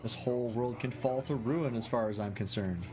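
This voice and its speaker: A man's voice: mid-range voice, moderate pace, lightly acted. A man reading aloud in the voice of a brooding, cowardly male warrior, theatrical and exasperated, with game music behind him. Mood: melodramatic.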